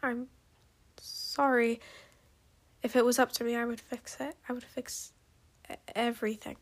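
Woman voicing a young female dragon, storybook reading, stammering, anxious, slightly high. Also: takes it slowly. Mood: worried. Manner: hesitant, stammering.

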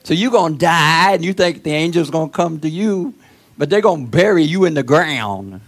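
A male preacher giving a sermon in an emphatic, repetitive way that swells to shouts. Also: a little high, animated, normal speed.

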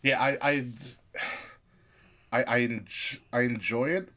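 A man co-hosting a casual podcast about wrestling, talking animatedly and often restarting his sentences when excited. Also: mid-range voice, takes it slowly. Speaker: podcast co-host.

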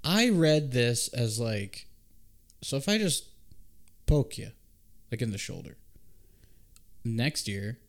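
A man's voice: medium pitch, big pitch swings, slow pace, pauses often. A man hosting a casual podcast chat, retelling a movie scene with profane asides and acted-out quotes. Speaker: podcast host.

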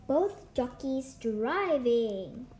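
A woman's voice: high-pitched, animated, darkish tone, roomy sound, slight background noise, heavily acted. A woman doing a breathless old-time race announcer. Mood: excited. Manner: breathless rapid race calling. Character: excitable old-fashioned male racetrack announcer.

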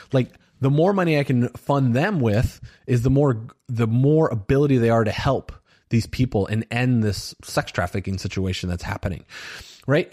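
Middle-aged guy rambling thru his solo podcast, earnest, lots of you-knows, mid-pitched voice. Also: a little mellow. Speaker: podcast host. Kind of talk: solo self-reflection podcast monologue.

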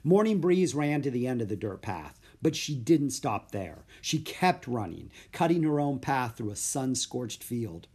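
A man narrating a children's audiobook in a steady, plain storytelling voice. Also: mid-range voice, measured pace, hardly any pauses, husky.

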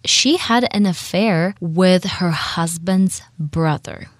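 A woman's voice: lowish voice, slow, no room sound, studio quality. A woman with a Russian accent chatting casually as a guest, thoughtful and hedging her opinions. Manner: thoughtful, hedging, frequent laughs. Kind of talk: casual chat.

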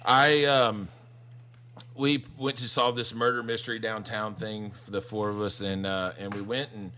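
A man tells a story in loose, chatty podcast talk, rambling along and swearing freely. His voice is bright and forward, and a faint hiss of noise sits under it. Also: lowish voice, flat delivery, normal speed. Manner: rambling, profane, laughing often. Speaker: podcast co-host. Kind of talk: casual storytelling chat.

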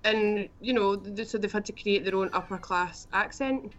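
A woman's voice: medium pitch, fairly even intonation, normal speed, a bit bright, a little hiss or hum. A woman in a casual film review chat, explaining at length with many "you know" fillers. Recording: dull, muffled recording.

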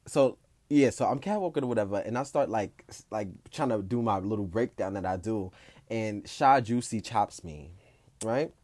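A man in his twenties telling an animated, profane story about competing at a ballroom event, full of ballroom slang. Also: on the low side, moderate pace, no room sound.

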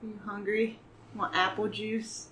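A woman's voice: mid-range voice, flat delivery, measured pace, a bit bright, a little hiss or hum. A woman playing a tabletop role-playing game, giggly and playful, recorded with a roomy echo. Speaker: player.

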